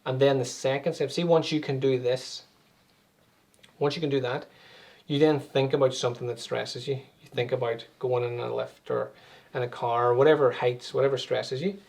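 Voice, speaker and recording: A man's voice: mid-range voice, fairly even intonation, normal speed, gravelly, a little mellow. A man, an anxiety and meditation coach, explaining things conversationally with everyday examples as an interview guest.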